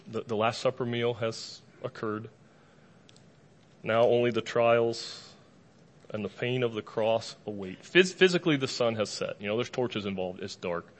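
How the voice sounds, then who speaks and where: A man preaching a sermon to a live congregation in a lively, conversational way, with casual asides and humor. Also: mid-range voice. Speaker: pastor.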